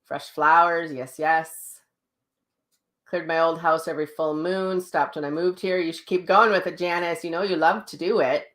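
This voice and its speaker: A woman's voice: sits low, normal speed. A woman teaching a live online class as a psychic medium, who tells stories animatedly, laughs often and answers viewer comments, speaking into a livestream mic at home. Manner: chatty, animated, laughs while telling stories. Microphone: livestream mic, sound sometimes cutting out.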